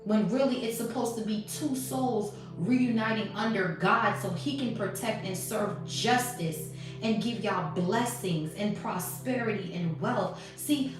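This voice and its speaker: A woman with a fairly high voice offers blunt, profane, preachy spiritual commentary as a tarot reader, acting out quoted conversations. The mic is distant and the sound very echoey.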